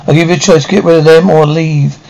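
An actress playing a rebellious grown daughter who feels trapped at home, speaking in sharp, scornful outbursts in a 1950s TV drama style. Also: female voice, low voice, fairly even intonation, brisk, gravelly, poor audio. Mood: defiant. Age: young adult.

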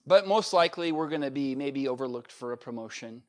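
A middle-aged male pastor preaching a sermon, swinging between raised emphasis and quiet, conversational asides. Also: mid-range voice, lively intonation, fairly quick. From United States.

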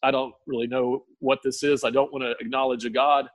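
A man giving an emotional personal testimony in a podcast interview, tearful, earnest and halting, with many restarts. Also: medium pitch, flat delivery, no room sound. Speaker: guest sharing testimony.

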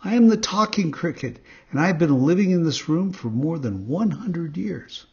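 A man voicing a calm, wise old cricket. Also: fairly high pitch, normal speed, vocal fry, husky, highs cut off, voice pushed up, heavily acted. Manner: calm, preachy.

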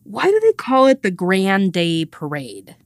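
A woman's voice: mid-range voice, huge pitch swings, a little slow, no room sound. A woman co-hosting a podcast, chatting casually and teasing her friend, often restarting her sentences. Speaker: podcast co-host. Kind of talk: casual chat.

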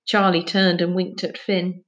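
A woman reading a children's novel aloud, narrating in a clear, steady way. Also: on the low side, unhurried, highs cut off. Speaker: audiobook reader. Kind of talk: storybook narration.

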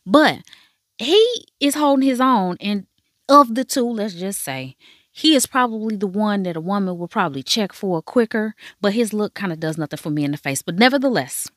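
A woman's voice: medium pitch, animated, moderate pace, no echo, studio quality. A woman hosting a podcast, giving a casual, profane recap of a drama with playful asides to listeners. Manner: frank, profane, chatty storytelling. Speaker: podcast host.

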